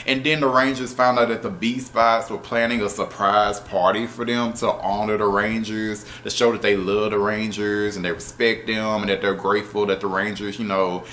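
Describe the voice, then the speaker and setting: A man reviewing a show episode in casual, animated talk, exasperated and profane, with laughing asides. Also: on the low side, moderate pace, hardly any pauses, a little hiss or hum.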